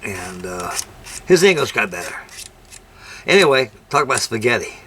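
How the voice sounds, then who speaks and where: A man's voice: fairly low pitch, very animated, moderate pace, fairly bright tone, a little hiss or hum. An older man chatting casually while building a scale model, telling rambling folksy stories. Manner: rambling, folksy anecdotes with ungrammatical turns. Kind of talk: casual workshop chat and storytelling.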